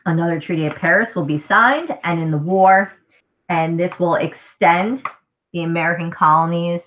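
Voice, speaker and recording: Woman teacher, low register, slightly scratchy throat, casual live review; tinny phone-like audio. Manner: casual, conversational explaining. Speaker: history teacher. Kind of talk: live exam review lesson.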